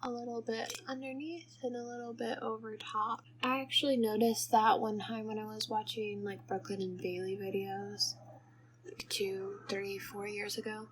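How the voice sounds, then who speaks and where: A woman's voice: medium pitch, steady tone, moderate pace, slight background noise. A young woman chatting through a makeup tutorial, rambling off topic and giggling as she goes. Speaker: makeup vlogger. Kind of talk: casual makeup tutorial chat.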